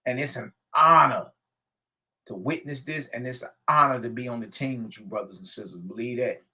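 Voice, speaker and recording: A man's voice: medium pitch, brisk, bright, forceful tone. A man reading a spiritual text aloud and preaching on it emphatically, repeating phrases and adding slangy asides. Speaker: spiritual teacher.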